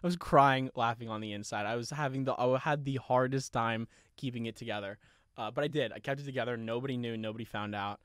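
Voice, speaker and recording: A man's voice: mid-range voice, fast talker, clear, resonant tone, dry recording, studio quality. A young man hosting a podcast, telling a story casually with lots of swearing and frequent laughter. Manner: profane, laughing often, animated retelling. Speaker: podcast host.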